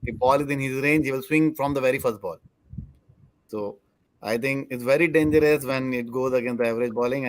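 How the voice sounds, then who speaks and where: Male panel analyst, earnest, halting, dry video-call audio. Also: medium pitch, no room sound. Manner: earnest, restarts sentences, non-native grammar. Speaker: cricket analyst.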